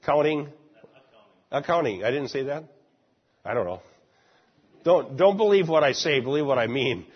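A man's voice: medium pitch, sing-song, normal speed, breathy edge. A man teaching a Bible study class, explaining a passage and asking the class questions along the way. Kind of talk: Bible class lecture and discussion. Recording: muffled lo-fi recording.

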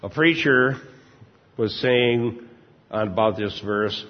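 Brief: older male pastor, husky and lowish, chatty and chuckling sermon delivery, dull recording in a reverberant church. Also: takes it slowly. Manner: chuckles often, relaxed and informal. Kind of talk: conversational sermon.

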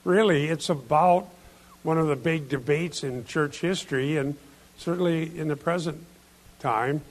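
A man's voice: on the high side, a little slow. A male pastor giving an expository sermon, explaining scripture with emphatic points. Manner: emphatic, explains Greek word order and scripture.

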